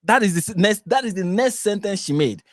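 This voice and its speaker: A man's voice: high-pitched, animated, a little fast, no room sound, studio quality. A man with a Nigerian accent hosting a live reaction stream, talking in an exasperated, repetitive, emphatic way. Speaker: reaction channel host.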